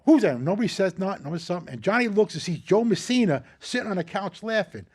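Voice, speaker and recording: High-voiced older man telling rough stories. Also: fast. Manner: animated, profane, acts out quotes. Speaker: host. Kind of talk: storytelling in casual chat.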